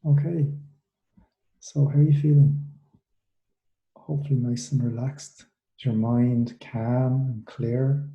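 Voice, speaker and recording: A man leading students through a guided relaxation meditation, giving soft, unhurried instructions with long pauses. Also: mid-range voice, fairly even intonation, gravelly, muffled recording. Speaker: mindfulness coach for students. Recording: echoey room.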